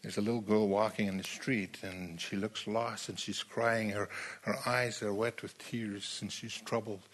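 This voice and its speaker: A man preaching a sermon in a slow, emphatic way, repeating phrases as he builds his point. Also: on the low side, flat delivery.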